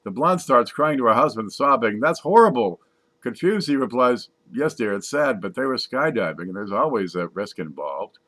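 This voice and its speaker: A man casually reading jokes aloud from a page, putting on higher voices for the punchlines. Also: lively intonation, moderate pace, few pauses, sharp tone. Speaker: joke reader.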